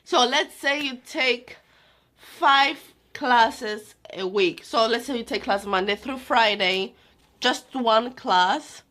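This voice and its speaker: A woman co-hosting a casual chat, calmly adding numbers and practical points. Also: a little high, takes it slowly. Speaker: co-host.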